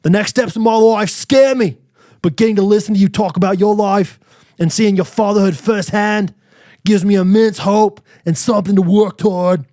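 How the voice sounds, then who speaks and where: A man's voice: a little high, animated, fairly quick, few pauses, darkish tone, pitched below the performer's own voice. A man voicing a young male fan reading a heartfelt letter in an exaggerated put-on gritty London accent, laughing through it. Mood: earnest mock-read. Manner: over-the-top mock accent, laughing through it.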